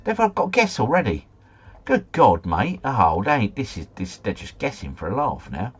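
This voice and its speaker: A man's voice: mid-range voice, big pitch swings, normal speed, husky. A man streaming live, chatting casually and muttering asides as he plays a geography guessing game. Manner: chatty, mutters asides, mild swearing, easily flustered.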